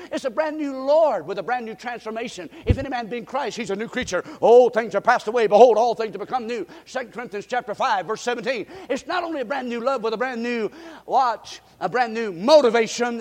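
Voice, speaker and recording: A man preaching a fervent sermon as pastor, breaking into shouts and folksy asides. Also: high voice. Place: church sanctuary. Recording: long hall reverb.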